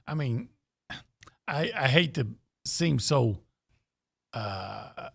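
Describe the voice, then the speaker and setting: A man co-hosting a sports talk radio show, measured and teasing as he trades banter. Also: mid-range voice, lively intonation, creaky, slightly rough, dry recording, clean studio sound. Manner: measured, teasing, with playful put-on quotes. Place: radio studio.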